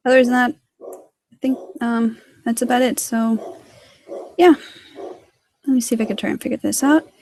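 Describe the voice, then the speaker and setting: A woman giving a casual livestream tutorial on her animation work, rambling with lots of fillers. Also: fairly high pitch. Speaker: hobby sprite animator.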